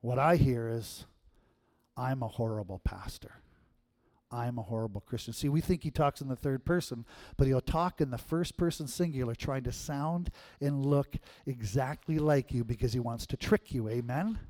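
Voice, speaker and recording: A male pastor preaching a sermon in church, telling stories and acting out voices, swinging between loud and hushed. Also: medium pitch, moderate pace, few pauses. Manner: animated storyteller, acts out quotes, swings from loud to hushed.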